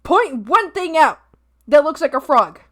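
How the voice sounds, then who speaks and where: A woman streamer chatting casually while she draws, playful and excitable, breaking into silly bits and bursts of shouting. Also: sits high, a little slow, no room sound, studio quality. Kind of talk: casual livestream chat while drawing.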